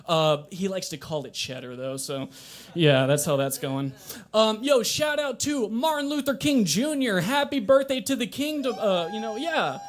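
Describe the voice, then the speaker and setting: A young man with a notably high voice does stand-up at a small coffee shop open mic. His delivery is wry and deadpan, with laughs and the odd shouted aside, speaking into a handheld mic. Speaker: stand-up comedian.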